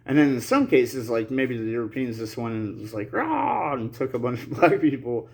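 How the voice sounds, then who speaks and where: A man's voice: medium pitch, brisk, a little mellow. A man talking casually to his viewers in a rambling, slangy way. He laughs nervously through serious points and coughs now and then while getting over an illness. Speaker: channel host. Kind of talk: casual monologue to camera.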